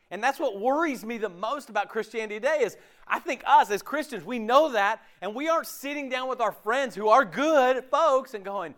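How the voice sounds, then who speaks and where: Animated high-voiced male preacher. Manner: animated, conversational, acts out imagined voices. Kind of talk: sermon.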